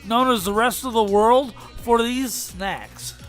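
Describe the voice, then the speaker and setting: Very high, bright sarcastic podcast man. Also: slow, faint music behind. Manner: dry sarcastic quips. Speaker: podcast co-host. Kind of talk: casual chat.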